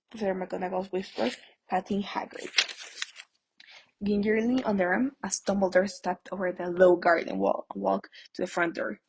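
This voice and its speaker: A woman's voice: mid-range voice, steady tone, moderate pace, vocal fry, breathy edge, poor audio. A woman hosting a podcast, reading an audiobook aloud in a plain way with small stumbles. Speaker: podcast host, audiobook reader. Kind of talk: amateur audiobook narration.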